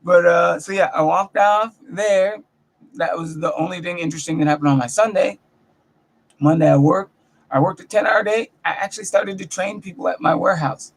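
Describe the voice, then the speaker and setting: High-voiced man telling animated stories. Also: moderate pace, gravelly, husky. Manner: animated, profane, self-mocking storytelling. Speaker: comedian vlogger. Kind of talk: casual storytelling vlog. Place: bedroom at home.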